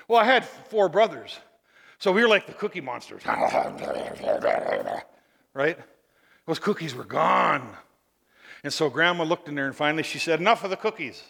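Bright high-voiced preacher in a reverberant hall. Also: male voice, normal speed, creaky, pauses often. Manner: animated storytelling, with tag questions to the congregation. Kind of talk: sermon.

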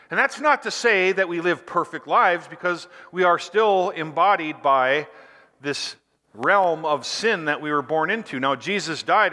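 Bright-voiced preaching man in echoey hall. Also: on the high side. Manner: preaching with emphatic, drawn-out phrases. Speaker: pastor. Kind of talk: sermon.

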